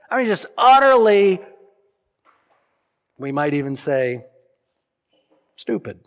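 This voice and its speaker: Male pastor, slightly high voice, emphatic sermon delivery, long church reverb. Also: animated, moderate pace, long pauses. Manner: emphatic, voices imagined prayers, drops to soft solemn lines.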